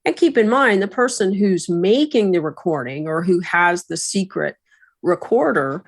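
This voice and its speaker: Measured, lower-voiced woman attorney. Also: expressive, no echo. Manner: measured, explanatory, advisory. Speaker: attorney and resident expert. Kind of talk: podcast discussion.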